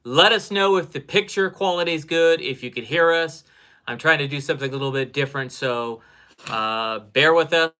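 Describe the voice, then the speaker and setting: A man's voice: a little high, normal speed, pushed and bright. A man from the United States hosting a live webcast over his cell phone, upbeat and greeting viewers by name. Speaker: host. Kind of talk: casual live webcast chat.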